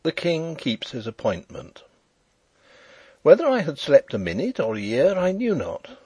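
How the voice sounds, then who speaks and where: A man narrating an audiobook chapter in expressive storytelling style. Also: on the high side, a little slow, slightly rough, no echo. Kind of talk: scripted narration.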